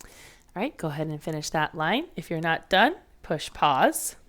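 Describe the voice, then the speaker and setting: A woman's voice: sits low, big pitch swings, a little slow, a bit bright. A woman teaching a first grade phonics lesson, patiently sounding out letters and words for young children.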